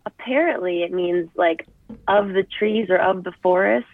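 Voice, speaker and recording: A woman's voice: fairly low pitch, normal speed, vocal fry. A young woman wrestler, chatting as an interview guest and telling stories in an upbeat way. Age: young adult. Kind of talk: casual interview chat. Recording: tinny phone-like line.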